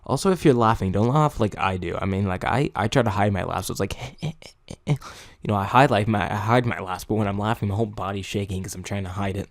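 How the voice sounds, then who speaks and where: A young man giving casual video-making tips, rambling and correcting himself, sometimes mumbling and then jumping into loud high-pitched bursts. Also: quick pace, creaky, hardly any pauses, no echo, clean studio sound. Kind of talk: casual unscripted chat.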